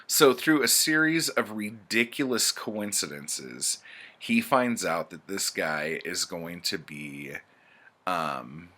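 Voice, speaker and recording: Slow, low-voiced man recapping books. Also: expressive, bright, forceful tone. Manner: rambling, profane, with frequent fillers. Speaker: book reviewer. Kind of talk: casual book recap.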